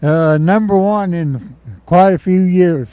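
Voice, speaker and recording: Slow-spoken older man, high voice. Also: warm tone, clean tone, no echo, highs cut off. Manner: brief, plain, unhurried answers. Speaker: longtime sideline volunteer.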